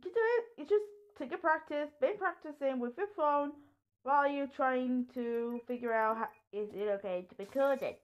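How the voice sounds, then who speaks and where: A woman vlogger commenting on a mobile game and telling a personal story, hesitant with many ums and sudden excited outbursts. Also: sits high, moderate pace. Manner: hesitant, lots of ums and restarts; excitable outbursts during play. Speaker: gaming vlogger.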